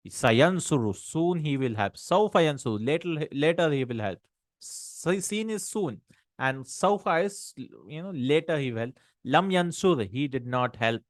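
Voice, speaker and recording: A man teaches a grammar class in a mid-range voice. He explains each point patiently, asks his listeners questions, and reads Arabic passages out fast. The sound is dry and close, with no room echo. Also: medium pitch. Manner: questioning, checks in with "right?" and "hmm?"; recites Arabic text quickly.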